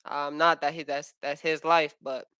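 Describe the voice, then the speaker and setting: A man's voice: fairly high pitch, flat delivery, normal speed, bright, forceful tone, a little hiss or hum, low-quality recording. A young man chatting casually on a livestream at home, rambling in slangy, profane talk full of fillers. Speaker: aspiring MMA fighter streaming. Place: at home with his young son.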